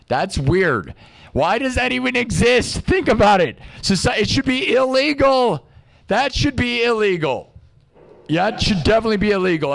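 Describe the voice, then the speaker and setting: A man ranting casually to his live-stream audience, joking around and acting out quick little exchanges in other voices. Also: on the high side. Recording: music playing behind the voice.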